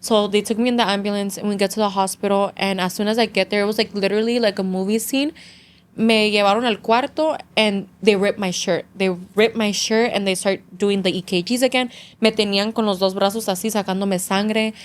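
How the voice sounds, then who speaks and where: A woman's voice: mid-range voice, fairly even intonation, fairly quick. A young adult woman guest, telling a story in casual chat, mixing English and Spanish, with many "like" fillers and an earnest, emotional tone. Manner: earnest emotional retelling, near tears. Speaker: podcast guest.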